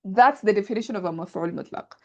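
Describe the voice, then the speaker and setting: A woman's voice: mid-range voice, quick pace, mellow, muffled recording. A woman teaching Arabic grammar in an online class, explaining patiently step by step with examples over a video call.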